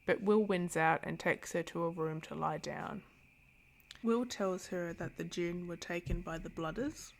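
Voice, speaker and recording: A woman giving a candid, sarcastic and animated casual book review, summing up a novel and judging it. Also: lowish voice, unhurried, vocal fry, slight background noise.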